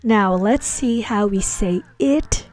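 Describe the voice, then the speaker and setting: Speaking slowly in a mid-range, slightly mellow voice, this Hebrew teacher explains her lesson slides and patiently breaks down grammar step by step, with lots of small fillers. There's no room sound, just faint music behind her.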